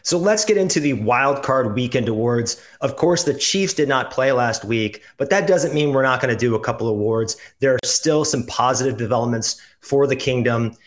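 A man's voice: medium pitch, normal speed, few pauses. Wry male sports podcast co-host. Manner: wry, joking, pun-loving. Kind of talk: casual sports chat.

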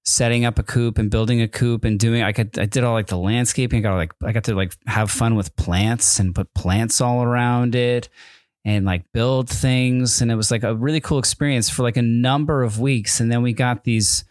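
A man's voice: medium pitch, fairly even intonation, moderate pace, no echo. A man in a mid-range voice chats casually as a podcast host, reading out listener messages. He rambles, trails off and restarts his thoughts often. The sound is dry and close. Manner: rambling, hesitant, self-interrupting with fillers.

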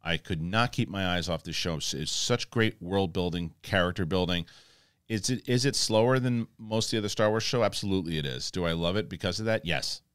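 A man hosting a casual review, retelling scenes in an animated way and acting out lines, with frequent restarts. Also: low-pitched, fairly quick, clear, resonant tone, no echo, clean studio sound. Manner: animated, acts out quotes, many restarts. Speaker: host.

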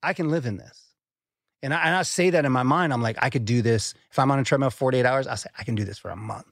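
A man's voice: mid-range voice, fast talker, fairly bright tone, no echo, studio quality. A man speaking as a podcast guest, earnest and reflective, who swears casually and repeats words as he starts a thought. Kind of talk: conversational podcast talk.

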